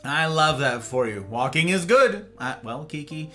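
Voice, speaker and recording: A man hosts a relaxed livestream, chatting playfully with his viewers. His pitch swoops all over and his tone is bright and forceful. Soft guitar music plays faintly behind him. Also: moderate pace. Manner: animated and playful, greeting chatters by name. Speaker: livestream host. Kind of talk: casual chat with viewers.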